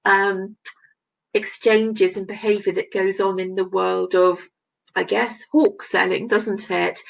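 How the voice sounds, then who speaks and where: A woman teacher going through a text line by line, pointing out each device and reading the quoted bits with extra emphasis. Her voice has a gravelly edge at a middling pitch. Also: rough recording. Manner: explanatory, reads quoted passages aloud with emphasis. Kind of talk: recorded literature lesson.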